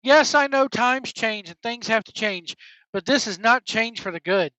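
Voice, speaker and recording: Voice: medium pitch, normal speed, bright, forceful tone, dry recording. A wrestling podcast host on an angry, profane opinion rant, blunt and heated. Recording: dull lo-fi dry recording.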